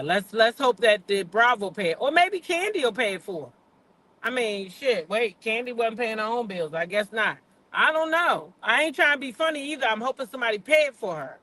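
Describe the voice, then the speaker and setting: A woman's voice: on the high side, expressive, brisk, pushed and bright. An older woman hosting a casual gossip livestream, chatty and blunt, swearing freely, repeating points for emphasis and talking straight to her viewers. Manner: talks directly to live chat viewers. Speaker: gossip show host.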